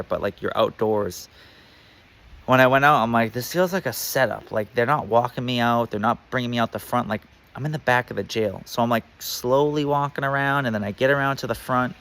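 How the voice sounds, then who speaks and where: A man's voice: mid-range voice, fairly even intonation, brisk, fairly bright tone. A man telling a personal story in a casual, rambling way, full of fillers and swearing.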